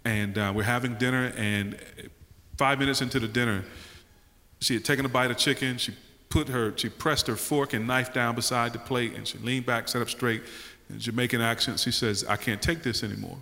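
A male pastor with a bright, forceful voice tells a story to fellow panelists and laughs along as he goes. His mid-pitched voice rings out with a long hall reverb behind it. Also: moderate pace. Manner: animated, laughs while telling a story.

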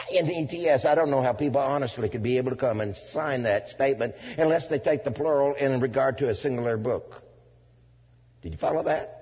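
A man preaching a sermon to a congregation, swinging from loud declaiming to low asides, with folksy turns of phrase. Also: slightly rough. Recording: dull lo-fi sound in a reverberant hall.

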